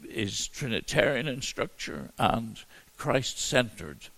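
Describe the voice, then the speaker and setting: A man teaching through a Bible passage as a preacher, in a halting way full of repeated words and restarts. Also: mid-range voice, animated, sharp tone. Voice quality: gravelly, husky voice.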